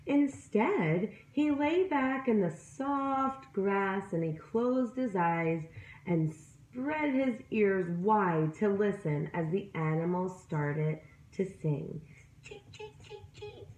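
A woman's voice: mid-range voice, takes it slowly, darkish tone. A woman reading a picture book aloud to children, voicing animal sounds and asking her listeners questions. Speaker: storyteller. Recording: roomy echo.

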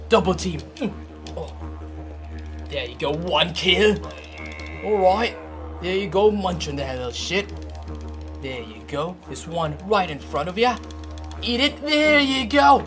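A man voicing a loud, crude male wildlife show host in a put-on Australian accent, over music. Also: fairly high pitch, lightly acted. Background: background music.

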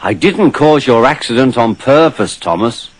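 A man's voice: medium pitch, expressive, normal speed, slight background noise, lightly acted, low-quality recording. A man voicing a cheerful, teasing small green tank engine in a storybook reading, with music behind. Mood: earnest. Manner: friendly and teasing.

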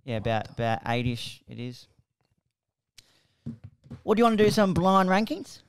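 A man's voice: on the high side, big pitch swings, normal speed, clean tone, dry recording. Laid-back young man co-hosting. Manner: laid-back, brief replies. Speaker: podcast co-host. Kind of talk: casual chat.

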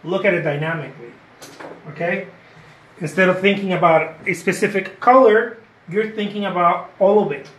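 A man's voice: high voice, normal speed, fairly bright tone. A man giving a live painting lesson, chatty and encouraging, repeating his points and often asking "okay?". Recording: roomy echo.

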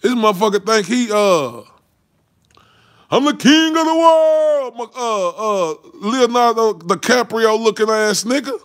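A boxing commentary vlogger with an extremely high, slightly bright voice rants about boxing on his channel. It's a casual, profane tirade: heated, mocking, and packed with constant swearing.

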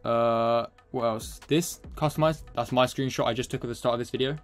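A man's voice: mid-range voice, fairly even intonation, a little fast, few pauses, a bit bright, faint music behind. A young man hosting a casual editing tutorial, rambling and chatty, a bit out of breath, calling his viewers boys. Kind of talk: casual screen-recorded tutorial.

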